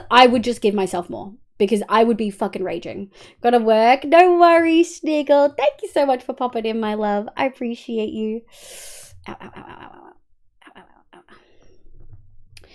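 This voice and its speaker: An Australian woman with a voice on the high side streams a game live, chatting casually with viewers over a headset and swearing often.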